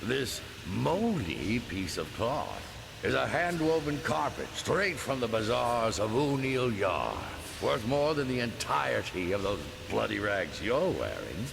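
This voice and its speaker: A man's voice: medium pitch, sing-song, a little slow, creaky, noisy background. An actor playing a cantankerous, pompous old man who scolds and sneers in game dialogue. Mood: irritated scolding. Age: older. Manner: indignant, scolding, sarcastic. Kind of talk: video game character dialogue.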